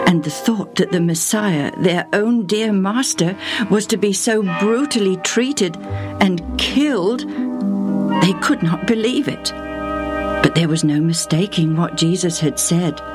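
Woman storyteller, low voice, slow, gentle expressive Bible story narration, faint music behind.

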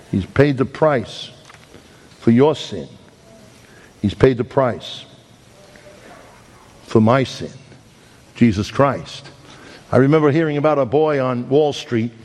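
Middle-aged guy preaching, big swings loud to hushed, long echo like a church hall. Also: mid-range voice. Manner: dramatic, swings from loud emphasis to hushed slow lines. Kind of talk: sermon with storytelling.

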